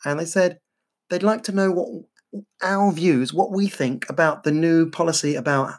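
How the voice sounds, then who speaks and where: A woman's voice: low voice, moderate pace. A woman co-hosting a podcast in casual chat, giggly and teasing. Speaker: podcast co-host.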